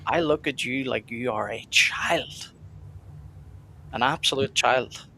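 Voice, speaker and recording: A man's voice: mid-range voice, slow, vocal fry, bright, forceful tone, a little hiss or hum. A man hosting a livestream discussion, speaking bluntly and directly as he steers the talk. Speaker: stream host and debater.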